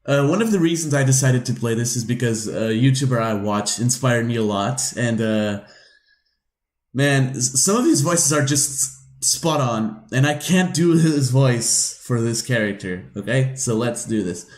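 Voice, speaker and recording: A man's voice: mid-range voice, unhurried. Chatty man playing a game, roomy room. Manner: chatty and self-mocking. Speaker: let's play host. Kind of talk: casual let's play commentary.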